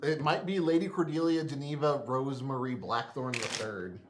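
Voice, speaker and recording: A man's voice: medium pitch, normal speed, background noise. A man hosting a board game night, talking in a playful, joking way while setting up the game. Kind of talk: casual game-night chat. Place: live-stream studio.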